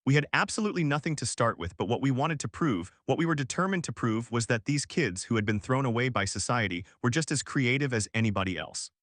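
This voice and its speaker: A man's voice: medium pitch, animated, fast talker, hardly any pauses, fairly bright tone, dry recording, studio quality, lightly acted. A man voicing a cheerful, determined male educator in an audiobook. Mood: passionate. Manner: cheerful, passionate.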